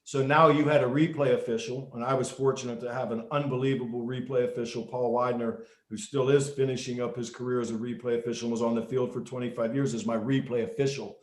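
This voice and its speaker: A middle-aged man, a former referee, telling stories in an interview in an animated way, with many restarts. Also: mid-range voice, fast talker, hardly any pauses. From United States. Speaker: guest, former football referee and basketball official. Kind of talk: storytelling interview. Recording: echoey room.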